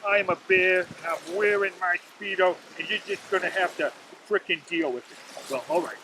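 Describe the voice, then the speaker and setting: A man's voice: high voice, normal speed, noisy background. A man chatting casually into his laptop on a lakeshore beach, rambling through a story and his day. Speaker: vlogger. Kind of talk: casual outdoor video diary. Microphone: laptop webcam.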